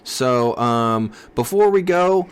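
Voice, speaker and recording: A man's voice: mid-range voice, animated, slow pace, a little hiss or hum. A man co-hosting a podcast in casual, joking chat, fond of putting on silly voices. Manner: playful, jokey, keeps putting on silly voices. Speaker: podcast co-host.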